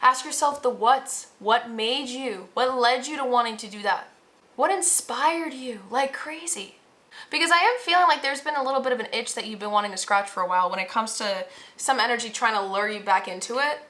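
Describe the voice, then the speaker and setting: A woman with a bright, forceful voice pitched a little high reads tarot straight to her viewers. She talks casually and earnestly, drops slang and leans hard on her encouragement. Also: a little fast. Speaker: tarot reader. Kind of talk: pick-a-pile tarot reading to viewers.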